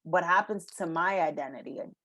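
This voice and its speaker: A young adult woman, a podcast guest, tells a personal story in an earnest, emotional way with halting pauses and fillers. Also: fairly low pitch, fairly bright tone, dry recording, highs cut off.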